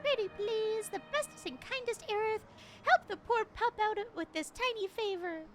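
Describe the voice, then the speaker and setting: A woman voicing a cheerful, pleading young companion in a video game, sweet and animated. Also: extremely high pitch, moderate pace. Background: game music.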